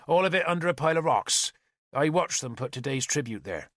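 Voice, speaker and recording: A man voicing an eager young spearman reporting quickly and a little higher. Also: expressive, a bit bright, dry recording, studio quality.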